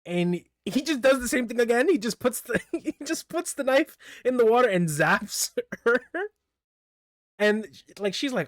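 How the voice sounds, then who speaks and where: A man's voice: very high voice, lively intonation, a little slow, no room sound, studio quality. A man recapping manga chapters in a casual solo talk, rambling, laughing often and stumbling over names. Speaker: manga reviewer.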